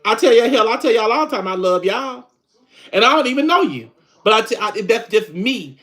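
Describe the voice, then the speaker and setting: A high-pitched man hosts a relaxed livestream from home, talking straight to his viewers. His chat is loose and laughing, recorded on a phone or webcam. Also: brisk. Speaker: livestream host.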